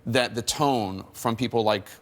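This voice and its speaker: A man hosting and moderating a television panel discussion, measured and with wry asides. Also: medium pitch. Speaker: host. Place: television studio.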